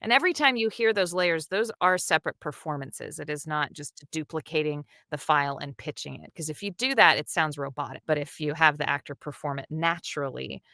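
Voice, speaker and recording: A woman who works as a dub director, chatting animatedly and enthusiastically in an interview, with quick asides. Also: sits low, creaky, pushed and bright, dry recording, clean studio sound. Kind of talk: casual interview chat.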